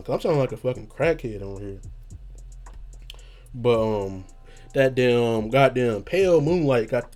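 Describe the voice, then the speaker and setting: A young man hosts a casual podcast chat, rambling in slang and swearing freely. He trails off as he hunts for words, and his mid-range voice is a little mellow.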